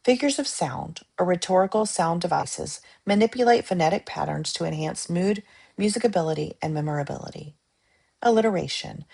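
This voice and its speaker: A woman reading study-guide definitions aloud in a measured, list-like way, pausing between terms. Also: fairly low pitch, creaky, a little mellow, breathy edge.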